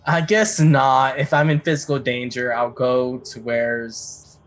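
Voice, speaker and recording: A man playing a tabletop role-playing game, joking and thinking aloud quickly. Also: mid-range voice, fairly even intonation, a bit bright. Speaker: player. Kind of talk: casual tabletop game chat.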